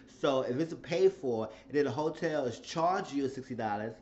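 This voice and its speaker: A man casually recapping a reality show episode, telling it in an animated, profane way. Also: moderate pace, highs cut off, a little hiss or hum. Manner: animated storytelling, shifting into high acted quotes.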